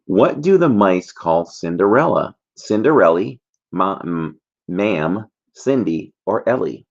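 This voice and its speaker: A man's voice: low voice, lively intonation, slow, gravelly, darkish tone, lo-fi sound. A man hosting a casual trivia livestream, chatty and jokey, rambling between questions.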